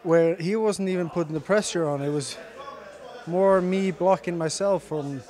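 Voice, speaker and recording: In a sports gym, a young fighter being interviewed answers quietly, with frequent pauses and fillers. His voice sits high, and his English, a second language after Icelandic, carries a faint Irish-tinged accent.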